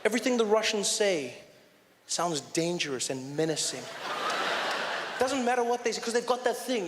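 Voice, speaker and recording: A man doing stand-up comedy on a theater stage, telling animated stories and often saying "you know". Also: high voice, moderate pace, long pauses, background noise. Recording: roomy hall with faint ambience.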